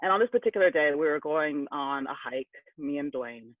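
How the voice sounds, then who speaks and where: A man's voice: fairly high pitch, brisk, no echo. A man telling a candid personal story to an audience, heated when he recalls being angry. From California. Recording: tinny phone-like line.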